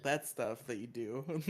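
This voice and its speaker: A man's voice: mid-range voice, expressive, slow, slight background noise. A man co-hosting a stream, joking dryly with the audience. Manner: dry, joking, laughs often. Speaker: co-host. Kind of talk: casual chat.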